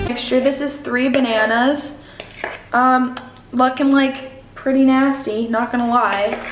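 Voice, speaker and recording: A teenage girl vlogging casually while cooking in her kitchen, talking with lots of fillers. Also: on the high side. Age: teens. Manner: chatty, many fillers, talks while mashing. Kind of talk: casual cooking vlog chat. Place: home kitchen. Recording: very echoey room, distant mic.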